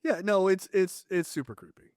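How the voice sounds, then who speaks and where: A man's voice: sits high, moderate pace, a little mellow, dry recording, clean studio sound. A man co-hosting a podcast, chatting casually about a film, joking and cursing, rambling with many restarts. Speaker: podcast co-host reviewing a film. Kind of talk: casual film review chat.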